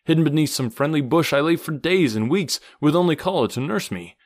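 A man voicing a calm, noble jungle-raised gentleman in an audiobook, speaking in a grave, measured, courteous way. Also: low-pitched, lightly acted. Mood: wry. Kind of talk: audiobook character reading.

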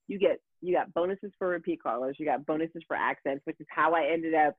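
A woman telling a story in casual talk, animated and profane, with many fillers and restarts. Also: sits low, a little fast, breathy edge, no echo. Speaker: guest. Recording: tinny phone-like dry sound.

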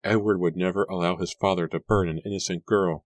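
A man's voice: low-pitched, steady tone, a little fast, no echo, lightly acted. A man voicing a frightened young Puritan girl. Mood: distraught. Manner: pleading, breathless cries. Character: frightened young woman in love, Puritan era.

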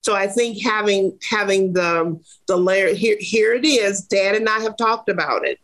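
A woman's voice: mid-range voice, moderate pace, fairly bright tone. A woman giving plain-spoken parenting advice in a casual chat, emphatic and direct, often acting out what to say. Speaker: parenting advisor.

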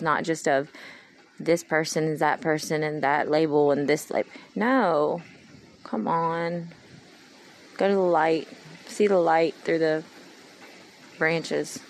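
A woman's voice: fairly low pitch, slight background noise, poor audio. A woman in her thirties talking in a rambling, earnest personal monologue to her followers. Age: 30s. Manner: meandering, earnest, heartfelt. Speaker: vlogger.

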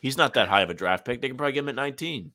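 A man's voice: medium pitch, lively intonation, racing, bright, forceful tone. A young man co-hosting a casual sports podcast, cracking sarcastic, wry jokes. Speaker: podcast co-host.

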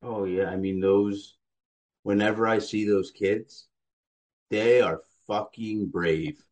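A man's voice: on the low side, steady tone, slow pace, a little mellow. A man hosting an interview, responding in a frank, sympathetic way with casual swearing. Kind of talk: casual conversation.

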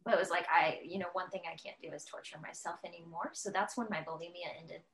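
This podcast guest has a lowish voice and a quick pace, and the low-quality recording carries a little hiss or hum. She's open and animated in a candid interview, frequently performing the harsh inner voices she hears.

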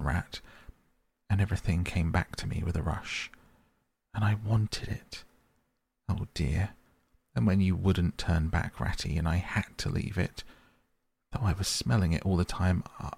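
A man reading the part of a tearful, homesick male mole in a storybook, speaking in halting, stammering sobs. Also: low-pitched, gravelly, a little mellow, slightly rough, dry recording, exaggerated voice. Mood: grieving.

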